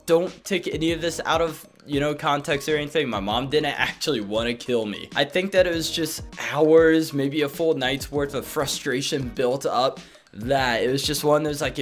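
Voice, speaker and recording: Animated young man telling a story. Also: moderate pace, soft background music. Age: 20s. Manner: animated, dips low and jumps high, laughs between bits. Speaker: vlogger. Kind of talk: casual storytelling.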